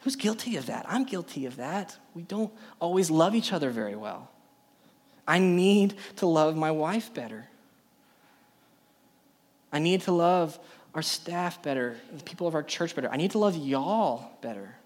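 A man's voice: on the high side, expressive, moderate pace. A young adult man preaching a sermon to a youth group, emphatic and full of rhetorical questions. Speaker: youth pastor.

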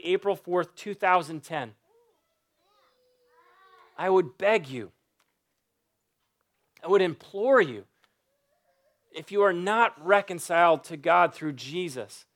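A pastor with a fairly high voice, a man who preaches with earnest, pleading insistence. He drives his points home by repeating phrases, and his sermon moves into prayer. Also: slow, long pauses, fairly bright tone. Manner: earnest, pleading, repetitive emphasis.

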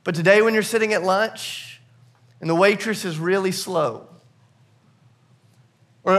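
A male pastor preaching a sermon at a church service, animated and laughing often, with many fillers and repeated words. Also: sits high.

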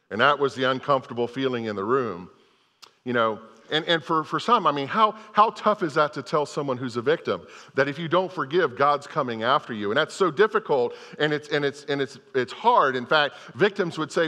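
A man's voice: medium pitch, lively intonation, normal speed, sharp tone, in a large hall. An older man preaching a sermon, telling a parable as a story and often restarting his phrases. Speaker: pastor.

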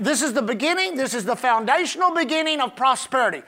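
A man preaching a sermon as pastor, slowing down to stress scripture and rising into shouts. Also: extremely high pitch, expressive. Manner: preaching with emphatic, drawn-out scripture lines.

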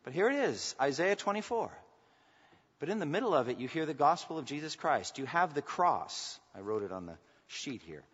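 Pastor guy preaching, kinda high voice, long echo, muffled sound, goes loud then quiet. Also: big pitch swings, normal speed, husky. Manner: preaching with rising emphatic bursts and hushed asides. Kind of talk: sermon. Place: church sanctuary. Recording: muffled sound in a reverberant hall.

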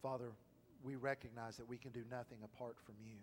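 A male pastor preaching a sermon, swinging from loud, emphatic exhortation to hushed whispers. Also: mid-range voice, little pitch movement, a little fast, a little hiss or hum. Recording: long reverb of a large hall.

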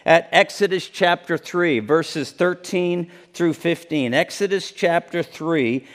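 A man delivering a sermon from the pulpit, earnest and emphatic. His voice sits a little on the high side for a man. He repeats key words and restarts sentences as he works through the passage. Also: slow pace. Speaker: pastor.

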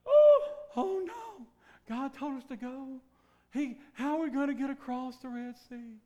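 A man acting out frightened, whining Israelites trapped at the sea's edge, with a sudden high, shrill cry of panic. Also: lively intonation, a little slow, dark tone, muffled recording. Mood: panicked.

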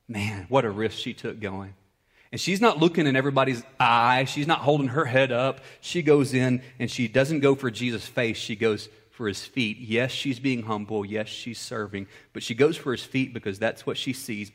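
A male pastor preaching a sermon, swinging between loud, high-pitched bursts and hushed, low-voiced passages.

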